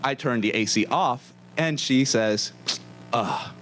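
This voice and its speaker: A young man telling a comic story to a live audience in a comedy club, wry and deadpan sarcastic. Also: medium pitch, a little slow, noisy background.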